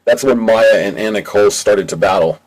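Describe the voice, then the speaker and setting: A man's voice: lowish voice, a little fast, a little mellow, rough recording. A man narrating his own amateur audiobook in a plain, casual storytelling way. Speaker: audiobook reader. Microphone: home mic.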